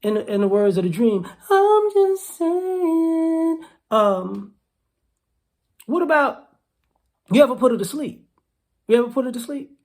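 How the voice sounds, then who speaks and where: A woman's voice: medium pitch, brisk, darkish tone. A woman vlogger giving casual, teasing commentary, rambling and repeating herself.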